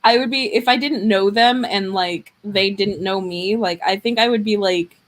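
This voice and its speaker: A woman's voice: mid-range voice, normal speed. A woman from Arizona, chatting casually, rambling and self-deprecating. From Arizona, USA. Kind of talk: casual chat.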